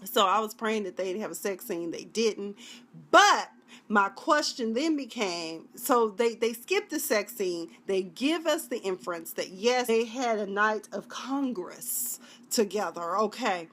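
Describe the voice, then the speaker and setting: A woman's voice: medium pitch, expressive, unhurried, a bit bright. A woman reviewing a TV drama in a chatty, dramatic way, now and then acting out the scenes in put-on voices. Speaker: TV show reviewer. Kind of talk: casual video review.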